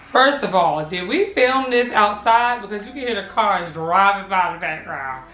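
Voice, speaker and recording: A young woman gives casual reaction commentary on her old clips, giggling and teasing herself. Her voice sits mid-pitch in an echoey room, with faint music behind. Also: lively intonation, normal speed.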